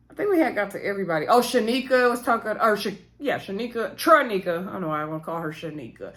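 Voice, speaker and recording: Chatty gossiping woman recapping reality TV. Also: medium pitch. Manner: chatty, gossipy, laughs at the drama; rambling with fillers and self-corrections. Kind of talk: casual episode recap.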